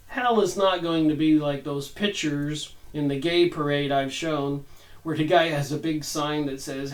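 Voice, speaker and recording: Guy reading a book out loud and chatting his own take, slightly high voice, sits back from the mic. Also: normal speed, far from the mic, poor audio. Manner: conversational, rambling asides. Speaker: channel host reviewing a book. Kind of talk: reading aloud with commentary.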